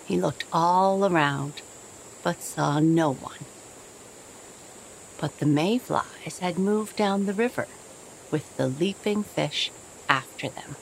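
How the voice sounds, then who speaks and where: A woman narrating a sleep story softly and gently, drawing her words out. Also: sits low, slow, creaky, slight background noise. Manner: soft, gentle, drawn out. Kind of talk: slow soothing bedtime story narration.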